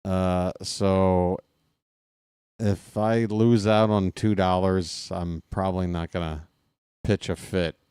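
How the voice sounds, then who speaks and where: A man with a low, smooth voice calls a ball game in a loose, joking way, drifting off into asides to his viewers. The sound is close and dry, with no room around it. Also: level tone, slow, a little mellow, dry recording. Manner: rambling, jokey, talks to chat viewers. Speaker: play-by-play streamer. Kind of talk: casual baseball commentary with chat.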